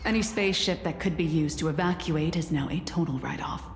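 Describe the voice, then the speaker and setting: A calm, steady security captain in a video game, briefing in a low, measured voice. The sound rings in a roomy space with a long reverb tail, faint music underneath. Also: female voice. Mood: grave. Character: composed female security captain during a disaster.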